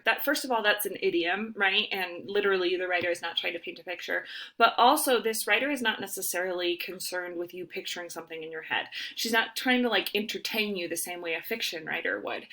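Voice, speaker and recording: Chatty woman teacher, bright voice. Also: medium pitch. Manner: chatty and informal, many ums and rights. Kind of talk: recorded lecture for students. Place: at home.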